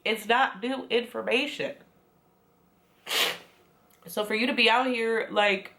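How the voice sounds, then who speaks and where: A woman's voice: on the high side, steady tone, unhurried, long pauses, fairly bright tone. A woman giving a casual, sassy recap of a reality show, chatty and full of quoted asides. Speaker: recap vlogger.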